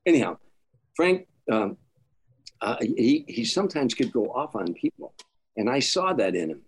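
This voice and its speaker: An older comedian telling stories in an interview, animated, acting out quotes, with frequent stammers and restarts. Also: male voice, medium pitch, moderate pace, husky. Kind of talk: storytelling interview.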